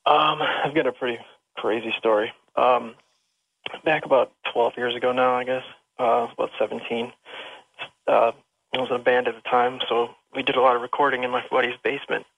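A man's voice: medium pitch, flat delivery, moderate pace, vocal fry, a bit bright, husky, no room sound. A man calling into a radio show over the phone, telling a personal ghost story in a rambling, emotional way with many restarts. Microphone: telephone. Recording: dull lo-fi phone line.

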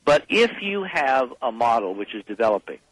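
A man's voice: mid-range voice, very animated, moderate pace, a bit bright, husky, no echo, rough recording. A man as a guest on a call-in radio show, speaking emphatically and urgently, rallying the listeners.

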